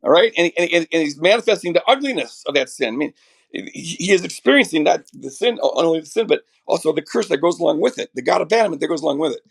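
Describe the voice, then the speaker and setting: A middle-aged man with a raspy voice from a chest cold, earnestly explaining theology as a podcast guest, restarting his sentences often. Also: on the high side, animated, fast. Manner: earnest, builds ideas with many restarts.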